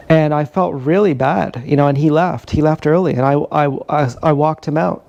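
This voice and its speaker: A man's voice: a little high, brisk, creaky, hardly any pauses, a little mellow, no echo, highs cut off. A man in his thirties telling a rambling, profane, confessional story in a casual livestream monologue. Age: 30s. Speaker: streamer. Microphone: action camera.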